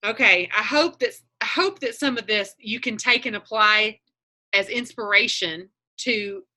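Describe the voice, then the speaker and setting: Woman, bright tense voice, casual video-call chat, meandering, restarts sentences. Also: medium pitch, unhurried. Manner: chatty, meandering, self-correcting. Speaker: online group leader.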